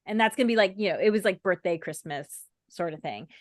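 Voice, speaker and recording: A woman's voice: medium pitch, lively intonation, fast, dry recording, studio quality. A woman co-hosting a casual chat, talking easily and laughing often. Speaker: co-host.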